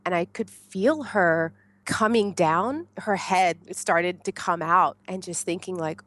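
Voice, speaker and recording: An American woman guesting on a podcast shares her story casually and with lots of energy, laughing often and reenacting what she yelled at the time. Her pitch is fairly low, she speaks slowly, and there's no room sound.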